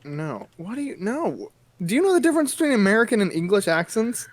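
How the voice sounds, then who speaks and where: Young male podcast co-host, slightly high voice, animated banter. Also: crowd noise. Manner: jokey, animated, quick bursts. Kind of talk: casual chat.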